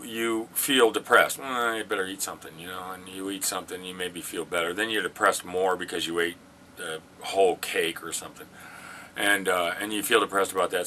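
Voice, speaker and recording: A man's voice: on the low side, bright, forceful tone. An older man talking casually about his life, rambling and self-deprecating with many fillers and restarts. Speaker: vlogger sharing weight-loss experience. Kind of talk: casual personal monologue. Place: military base in Afghanistan.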